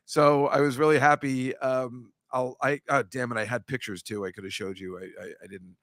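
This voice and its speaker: A man hosting a podcast in casual chat, telling rambling stories and teasing listeners, with jumpy bursts of loudness. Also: medium pitch, fairly even intonation, normal speed, no echo, studio quality. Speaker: podcast host.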